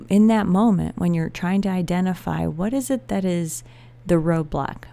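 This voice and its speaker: A woman's voice: on the low side, creaky, warm tone. A woman speaking candidly in a reflective personal monologue, telling a story and encouraging the listener.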